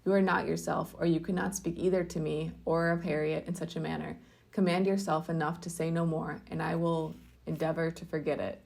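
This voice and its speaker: A decided young gentlewoman from a storybook reading, formal and crisp in her indignation. A woman reads her, her voice low with a gravelly edge at the ends of phrases. The manner stays proper and firm. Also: flat delivery, brisk. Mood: indignant.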